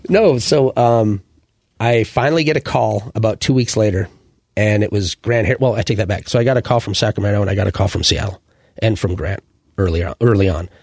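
A man in his forties, a former sports mascot, telling animated, rambling stories in a casual interview, full of fillers and restarts. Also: on the low side, a little fast, dry recording, clean studio sound.

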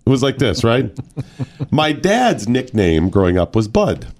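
A man's voice: mid-range voice, measured pace. Guy hosting morning radio, chatty storyteller, voice goes way up and down. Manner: animated storyteller, stretches words for effect. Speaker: radio show host. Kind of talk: casual chat.

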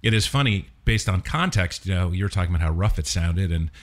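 A middle-aged man hosting a casual music conversation, measured and reflective, asking follow-up questions. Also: low voice, lively intonation.

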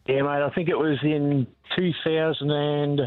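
A male caller raised in Australia, answering quiz questions in a relaxed, casual way over a phone line. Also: fairly high pitch, unhurried, dry recording, soft background music.

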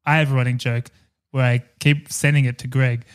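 A man in his thirties co-hosting a podcast in casual chat, playful and quick to laugh while riffing on jokes. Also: medium pitch, little pitch movement, clear, resonant tone. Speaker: podcast co-host.

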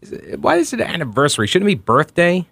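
Candid talk radio host, dry studio sound. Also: male voice, fairly high pitch, fast talker, gravelly, no echo. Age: 40s. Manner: candid, anecdotal, animated asides. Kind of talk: conversational talk radio monologue. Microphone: close studio microphone.

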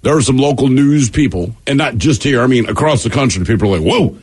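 Male radio co-host, husky, lively pitch, chatty banter. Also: fast.

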